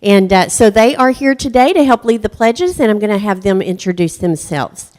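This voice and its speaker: At a board meeting, a woman school administrator presenting awards gives a public speech praising a teacher, saying "um" frequently. Her voice is medium-pitched, a little mellow and moderately paced.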